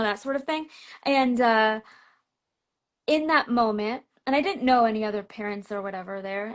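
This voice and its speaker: Woman, middle-aged, fairly high voice, animated storyteller, laughs a lot, filler-heavy casual chat. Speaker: picture book author, guest.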